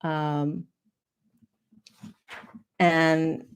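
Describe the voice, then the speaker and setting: A woman hosting a podcast, speaking in a low, gravelly voice. She tells a personal spiritual story in an earnest, confessional way, with plenty of vocal fry. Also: measured pace, a bit bright, a little hiss or hum. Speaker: podcast host.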